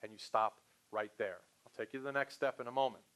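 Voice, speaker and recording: This trainer has a medium-pitched voice and a quick pace. Running a live sales session, he talks casually to the room and animatedly role-plays short phone calls, switching between the customer and the salesperson.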